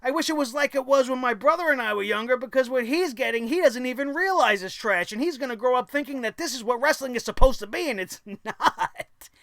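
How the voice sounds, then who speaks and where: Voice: sits high, animated, a little fast, hardly any pauses, a bit bright, no room sound, clean studio sound. A vlogger ranting about a wrestling show in a profane, sarcastic, exasperated way.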